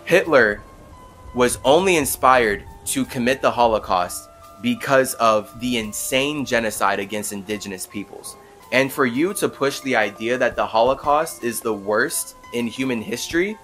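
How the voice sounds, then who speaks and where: Young man telling a story. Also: medium pitch. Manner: animated storytelling with many "like" fillers and laughs. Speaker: podcast host. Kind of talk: casual monologue.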